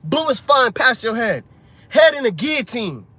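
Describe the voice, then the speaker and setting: A man's voice: very high-pitched, big pitch swings, moderate pace, pushed and bright, breathy edge, no room sound. A man preaching an informal street sermon, urgent and profane, ending lines with "man" and "bro".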